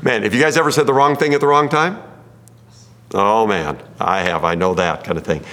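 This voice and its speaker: A man's voice: fairly low pitch, moderate pace, sharp tone. A man preaching a sermon in a folksy, joking way, telling stories and asking his listeners questions. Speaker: pastor. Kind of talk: sermon with jokes and audience questions. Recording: long hall reverb.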